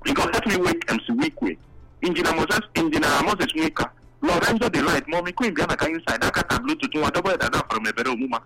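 A man's voice: a little high, expressive, fast, pushed and bright. A Nigerian man calling a radio show in pidgin, rattling off long lists of names to greet. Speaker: caller. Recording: phone call into radio show with music.

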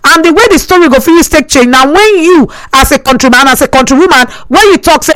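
A Nigerian woman hosting a radio phone-in, talking in Pidgin and English, animated and preachy, repeating phrases for emphasis. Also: high voice, quick pace, few pauses, dry recording, rough recording.

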